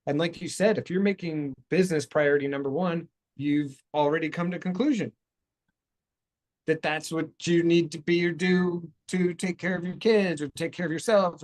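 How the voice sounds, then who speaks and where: Rambling, animated male talk-show host. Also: mid-range voice. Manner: rambling, self-correcting, animated explainer. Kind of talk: casual talk show chat.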